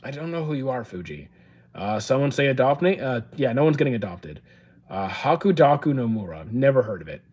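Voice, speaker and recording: A man's voice: medium pitch, a little fast, slightly rough. Easygoing streamer guy. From Canada. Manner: relaxed, chatty, with frequent fillers and restarts. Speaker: streamer answering chat. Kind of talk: casual live-stream chat.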